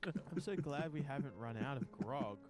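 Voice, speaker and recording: A man's voice: medium pitch, animated, moderate pace. A man co-hosting a casual stream, reacting crudely to videos and laughing often. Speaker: streamer co-host.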